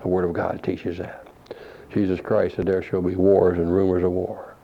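A man's voice: sits low, completely flat delivery, normal speed, gravelly. A man preaching a sermon, asking rhetorical questions and quoting scripture. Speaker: pastor. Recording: dull lo-fi recording.

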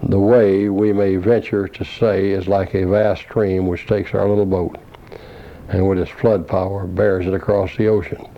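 A man preaching a scholarly sermon, reading and quoting from commentaries in a measured way with brief asides. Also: sits low, level tone, lo-fi sound.

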